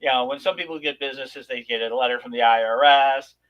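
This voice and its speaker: A man's voice: medium pitch, quick pace, muffled recording. Rambling man telling a wild story. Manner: rambling, animated storyteller with many restarts. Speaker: podcast co-host. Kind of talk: casual storytelling chat.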